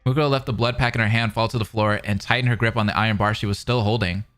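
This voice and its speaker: A man's voice: on the low side, steady tone, rapid-fire, fairly bright tone, faint music behind. A young man streaming, reading a novel aloud between rambling, filler-heavy casual chat with viewers. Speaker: streamer reacting to a fan dub.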